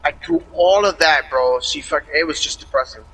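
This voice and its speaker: A young man with a bright, forceful, somewhat high voice talks casually over an online game. He rambles through a long retelling, swearing freely and restarting his sentences, with a faint hiss of noise behind him. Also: normal speed, poor audio. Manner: rambling, profane, restarts a lot. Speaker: gamer in an online racing session.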